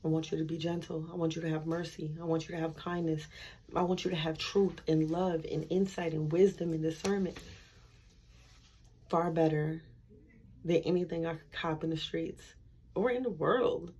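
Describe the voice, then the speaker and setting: A woman speaks in a low register with a breathy, husky edge. She tells her faith story candidly and conversationally, slipping into her own back-and-forth exchanges with God. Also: steady tone, moderate pace, darkish tone. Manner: candid, conversational, acts out inner dialogue with God. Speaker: speaker sharing a faith testimony. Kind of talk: personal faith testimony.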